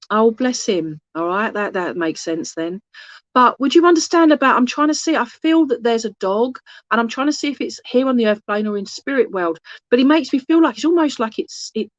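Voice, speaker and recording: A woman's voice: mid-range voice, no echo, muffled recording. Chatty woman medium on a phone. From England. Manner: chatty and rambling, often losing her track and restarting; affectionate asides to the audience. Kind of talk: online mediumship reading. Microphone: phone held in hand.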